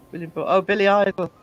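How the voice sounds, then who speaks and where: Chatty high-voiced male stream host. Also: fairly bright tone, muffled recording. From England. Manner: chatty, self-deprecating, laughs often. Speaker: livestream host. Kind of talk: casual chat reading viewer comments.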